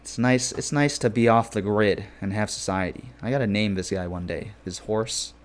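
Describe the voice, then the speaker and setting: A man's voice: lowish voice, moderate pace, slight background noise. A man streaming a game and chatting casually with viewers, rambling and playful with lots of filler phrases. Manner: jokey and playful. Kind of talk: casual live-stream chat.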